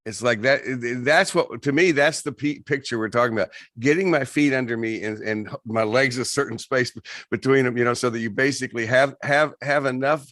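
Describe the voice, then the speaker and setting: A man talking through his ideas in a relaxed, reflective conversation. He stops and restarts often and doubles up his words as he searches for them. The sound is close and dry, with no room echo. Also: medium pitch. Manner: halting, many restarts and repeated words. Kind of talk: casual conversation.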